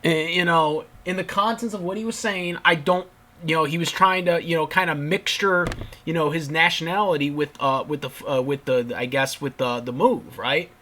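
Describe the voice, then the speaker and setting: A man's voice: on the high side, steady tone, normal speed, sharp tone. A young man giving an exasperated, sweary casual rant about wrestling as a channel commentator. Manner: exasperated, ranting with frequent swearing and restarts. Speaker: YouTube commentator.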